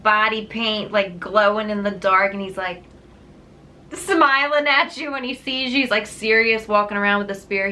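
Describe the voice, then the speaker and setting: A woman book vlogger telling a story in a casual, animated way, laughing often. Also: a little high. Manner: chatty, animated, laughs often, many fillers.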